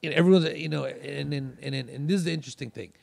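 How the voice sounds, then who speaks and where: A man's voice: fairly high pitch, quick pace, vocal fry, darkish tone, no echo. A male comedian guest on a podcast telling a story in a loose, rambling way with many restarts. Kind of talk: casual storytelling.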